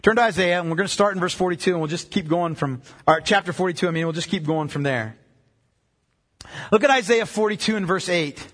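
A man preaching a sermon as pastor, emphatic, slowing down to read scripture passages aloud in a church. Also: high-pitched, a bit bright. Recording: long hall reverb.

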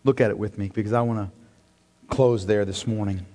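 A man preaching a sermon in a church, impassioned and swinging between loud and hushed delivery. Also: on the low side, fairly even intonation, brisk. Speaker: pastor. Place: church sanctuary. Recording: long hall reverb.

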